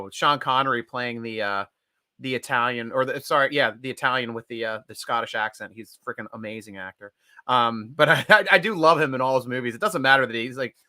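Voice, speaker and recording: Bright-voiced, chatty middle-aged man. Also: mid-range voice, dry recording, clean studio sound. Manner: animated and chatty, quick to laugh. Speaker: host. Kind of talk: casual live-stream chat.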